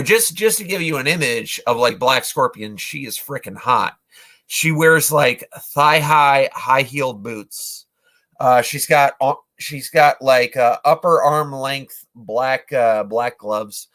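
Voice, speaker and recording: A man in his forties chats casually about movies he loves, rambling along with many fillers and restarts. His voice is bright and forward, sitting at an ordinary middle pitch. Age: 40s. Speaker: vlogger, movie reviewer. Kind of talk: casual retelling of films.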